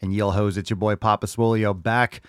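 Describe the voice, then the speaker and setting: A man hosting his own livestream podcast, delivering a loud, profane, jokey and hyped-up monologue. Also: fairly low pitch, flat delivery, moderate pace, smooth, dry recording, studio quality. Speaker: podcast host. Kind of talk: brash comedic livestream monologue.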